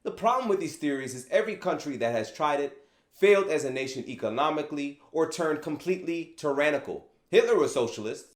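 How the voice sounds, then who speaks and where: A man hosting his own opinion commentary vlog, animated and sarcastic, asking rhetorical questions. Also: on the high side, fairly quick. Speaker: channel host. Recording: echoey room.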